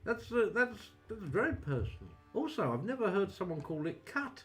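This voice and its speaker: Man, livestream witch host, lively wry banter over faint music. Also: sits high, moderate pace. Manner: chatty, wry, self-deprecating banter. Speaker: psychic witch streamer. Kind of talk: casual livestream chat.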